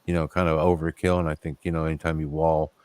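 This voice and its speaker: A man's voice: a bass voice, flat delivery, fast, a little mellow, no echo. A man hosting a casual talk show, rambling and opinionated, growing heated at times. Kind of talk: casual chat.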